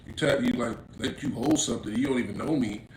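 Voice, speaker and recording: A man from Inglewood, California, telling a street story to camera in slang, acting out quotes and rising to loud, emphatic bursts. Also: medium pitch, fast talker. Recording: roomy echo, faint background noise.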